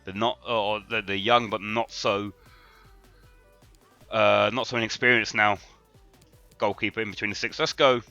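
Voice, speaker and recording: A man commentating on his own football video game livestream, getting worked up and shouting at the players. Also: lowish voice, moderate pace, long pauses, dry recording, lo-fi sound, faint music behind. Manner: excitable, shouts at the players on screen. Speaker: gaming streamer. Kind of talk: live gameplay commentary.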